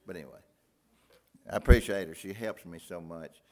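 An older man preaching a folksy sermon. His voice climbs into loud, ringing outbursts and then drops to hushed, almost whispered lines. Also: sits low, moderate pace. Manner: folksy, with wide dramatic swings between loud outbursts and hushed near-whispers.

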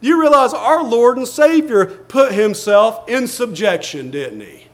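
A man's voice: very high-pitched, lively intonation, unhurried. A male pastor preaching a sermon, reading scripture aloud and explaining it earnestly, often repeating words as he goes. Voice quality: reads scripture aloud in King James wording.

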